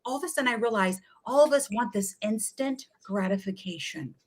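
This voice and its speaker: A middle-aged woman, a wellness coach, telling lively stories in an interview and acting out what people said to her. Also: on the high side, brisk. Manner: energetic, chatty, often acts out quoted voices. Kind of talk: animated storytelling in a talk-show interview.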